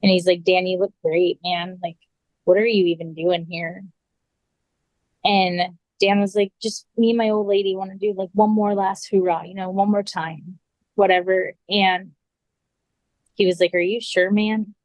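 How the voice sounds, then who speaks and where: A woman's voice: mid-range voice, level tone, normal speed, darkish tone, no echo, low-quality recording. A woman guest on a podcast, recounting a personal story casually, full of "like" and acted-out quotes.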